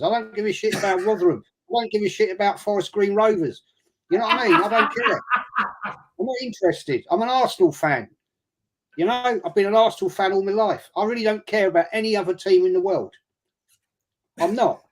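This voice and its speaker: A man's voice: sits high, fairly quick. A man with a London accent joining a casual fan chat. He talks bluntly, swears, and mocks rivals in sarcastic put-on quotes. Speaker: guest fan pundit.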